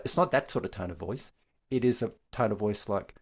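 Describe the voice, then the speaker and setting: An older man leads a dharma talk online, his voice sitting a little low. He explains each point gently and without hurry, the way a meditation teacher walks a group through an idea. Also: a little fast, creaky.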